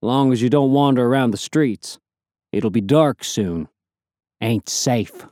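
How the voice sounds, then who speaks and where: A man's voice: mid-range voice, slow pace, a little mellow, no echo, clean studio sound, lightly acted. Man doing a wry Southern-accented lookout. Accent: mild Southern US. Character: guarded male city lookout, wry.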